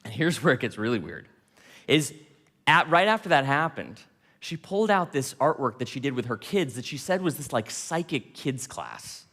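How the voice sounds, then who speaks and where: A man giving a storytelling talk, animated and laughing, quoting people in dialogue. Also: mid-range voice, normal speed, in a large hall. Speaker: speaker.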